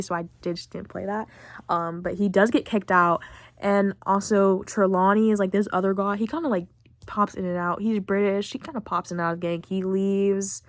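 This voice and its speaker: A teenage girl hosting a podcast who recaps a video game in a chatty, excitable way, full of fillers. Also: mid-range voice, no echo, clean studio sound. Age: late teens. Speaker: podcast host.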